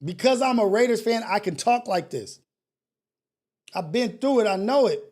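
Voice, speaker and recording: A man running a call-in talk show rants bluntly in a casual motivational vein, using slang and profanity and repeating points over and over. He speaks at a moderate pace in a high-pitched, expressive, slightly mellow voice.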